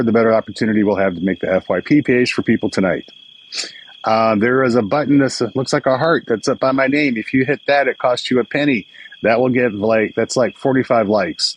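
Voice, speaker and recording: This older man runs a casual home live stream, greeting viewers by name with chatty emotion in a medium-pitched voice. The rough recording comes from a phone or webcam, with crickets and insects chirping outside.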